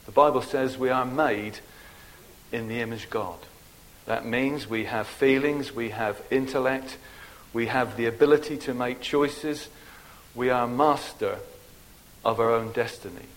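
An older man from England gives a funeral sermon in a gentle, deliberate preaching manner, letting his voice drop softly on key words. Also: mid-range voice, low-quality recording. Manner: slow, gentle, deliberate preaching with soft drops in volume. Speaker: minister at a funeral.

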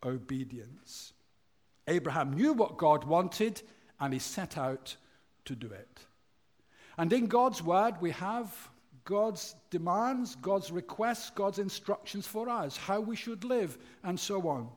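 Male preacher, animated delivery, slightly high, drops to a hush at key words. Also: slow. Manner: lively, falls low and quiet at phrase ends; tells a joke story acting out voices. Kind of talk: sermon.

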